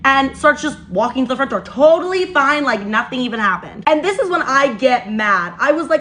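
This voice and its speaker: Give me a fairly high-voiced woman in her twenties telling a dramatic storytime. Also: brisk, few pauses. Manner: animated, exasperated storytelling. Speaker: vlogger. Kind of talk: storytime while doing makeup.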